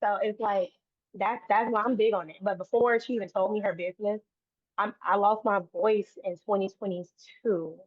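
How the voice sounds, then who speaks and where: A woman's voice: medium pitch, steady tone, moderate pace, no echo. A woman guest on an interview, talking earnestly in long run-on sentences that often restart. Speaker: guest, autism advocate. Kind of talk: conversational interview. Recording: dry, tinny phone-like line.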